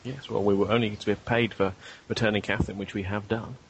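A man's voice: lowish voice, steady tone, quick pace, a little hiss or hum. A man speaking persuasively and hesitantly, playing his character in a tabletop role-play game. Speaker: player.

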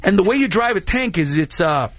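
High-voiced excitable comedian man. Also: fairly quick, crowd noise. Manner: excitable, says dude and bro a lot, acts out voices. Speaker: comedian guest. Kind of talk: animated anecdote telling on talk radio.

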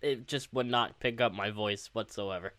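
A laid-back man co-hosting a podcast, musing and joking without hurry. His voice is smooth and resonant, recorded dry and close. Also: fairly low pitch, moderate pace, a bit bright, no room sound. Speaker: podcast co-host. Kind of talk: casual podcast chat. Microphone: computer mic on voice chat.

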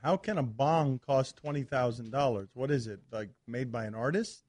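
A man's voice: mid-range voice, moderate pace, darkish tone, no room sound. A man hosting a sports radio show in a studio, talking in a rambling, sarcastic, exasperated way. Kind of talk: casual sports talk chat.

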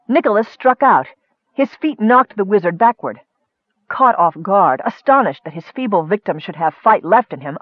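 Man narrating audiobook, high voice, measured, dry muffled audio. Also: no echo. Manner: measured, expressive reading.

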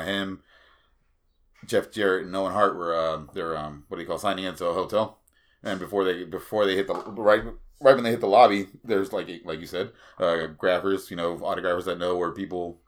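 Guy with a lowish voice rambling thru a story, lots of ums and cussing. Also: steady tone, brisk, a bit bright. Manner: rambling storyteller, swears freely, many fillers. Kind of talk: casual chat.

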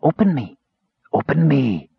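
A man's voice: mid-range voice, very animated, a little slow, creaky, breathy edge, no echo, pitched above the performer's own voice, exaggerated voice. A man voicing an enchanted talking box that calls out insistently in a dull, lo-fi audiobook recording. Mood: coaxing. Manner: repetitive coaxing calls.

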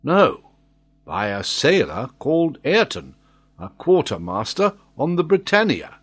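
A man with a husky voice reading the lines of a faithful old sailor who answers calmly and plainly, in an audiobook. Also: medium pitch, unhurried, voice pushed up, exaggerated voice. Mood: puzzled. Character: faithful old male ship's sailor, bewildered.

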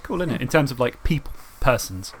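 A man's voice: mid-range voice, sing-song, a little fast, a little hiss or hum. A man co-hosting a podcast, chatting casually and rambling, often laughing. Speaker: podcast co-host. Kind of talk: casual chat about tabletop and video games.

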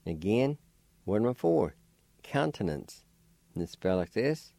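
A man's voice: fairly low pitch, sing-song, unhurried, vocal fry, dark tone, no echo. A man hosting a radio language lesson, patiently spelling and repeating words syllable by syllable.

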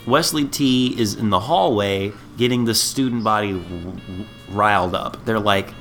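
A man's voice: lowish voice, measured pace, a bit bright, faint music behind. A man co-hosting a casual podcast, recapping a show in a wry, amused way. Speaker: podcast co-host.

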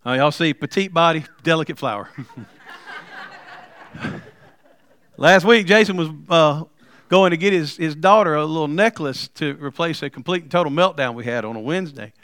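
A middle-aged man preaching a sermon, telling stories with humor and building to loud, emphatic points. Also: fairly high pitch, moderate pace, pauses often, smooth, dry recording. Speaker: pastor.

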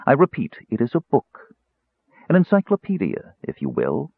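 A man reading an audiobook and voicing a cold, sinister, frail young male mage who speaks calmly and grimly. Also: mid-range voice, slightly rough, no echo, voice pushed up, exaggerated voice. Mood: cold, measured. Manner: calm, grim and measured. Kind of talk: audiobook character voice. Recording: tinny phone-like audio.

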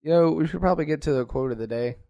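A young man with a cold co-hosts a podcast, his voice mellow and dark, recorded dry and close. He jokes along in playful banter. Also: on the high side, rapid-fire, creaky, no echo. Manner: playful, mock-legalistic banter. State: has a cold. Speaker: podcast co-host. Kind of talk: casual joking chat.

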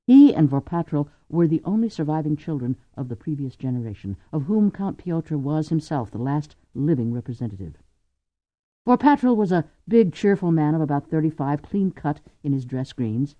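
A man narrating an audiobook in an expressive, varied reading. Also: fairly high pitch, no room sound, highs cut off. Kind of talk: scripted narration.

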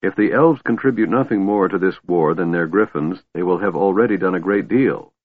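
A man's voice: low voice, brisk, breathy edge. A man voicing a weary, bitter young elf woman commander, sighing through her lines. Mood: tired resolve. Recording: tinny phone-like line, dry.

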